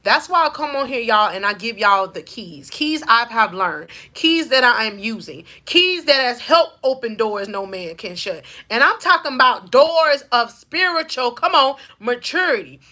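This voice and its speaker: A woman's voice: fairly high pitch, lively intonation, normal speed, few pauses, pushed and bright. A woman with a Southern US accent, a faith-based life coach giving a preaching-style motivational talk, driving her points home with rhythmic repetition and call-outs to her listeners.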